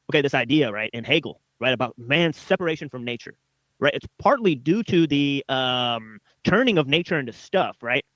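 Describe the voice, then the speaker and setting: A man's voice: medium pitch, a bit bright, dry recording. A male host of a live stream, reading philosophy texts and commenting on them in a rambling way, tagging nearly every phrase with "right?".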